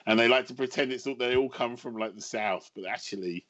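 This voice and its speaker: A man in his fifties from England, a writer talking as a podcast guest, telling wry, self-mocking stories in an animated way. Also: medium pitch, a little fast, lo-fi sound. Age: 50s. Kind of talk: casual podcast chat.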